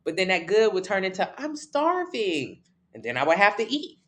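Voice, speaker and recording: A woman's voice: medium pitch, expressive, fast, a bit bright. A woman fitness coach answering viewers live, blunt and emphatic, repeating key points in casual slang. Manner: casual slang-heavy talk.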